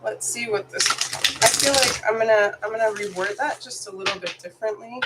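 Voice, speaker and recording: A woman's voice: a little high, fairly quick, very noisy. Sick-sounding woman doing live tarot. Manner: apologetic, chatty, reads card texts aloud. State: sick, congested. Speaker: tarot reader. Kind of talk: live tarot reading stream.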